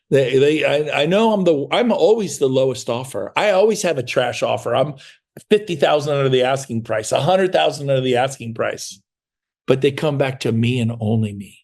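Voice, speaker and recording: A man's voice: medium pitch, expressive, moderate pace, darkish tone. A middle-aged man giving a motivational sales training talk in an emphatic, repetitive, hard-selling way. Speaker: real estate sales trainer.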